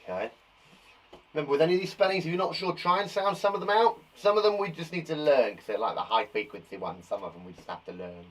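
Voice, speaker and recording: A man's voice: a little high, expressive, fast. A man teaching a spelling lesson to young children, jokey and encouraging as he reads out words. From England. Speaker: primary school teacher.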